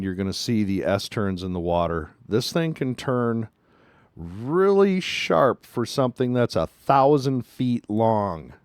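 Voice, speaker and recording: A man's voice: fairly low pitch, darkish tone, no room sound, clean studio sound. A man hosting a news commentary show. He talks emphatically and repeats his points for stress. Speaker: show host.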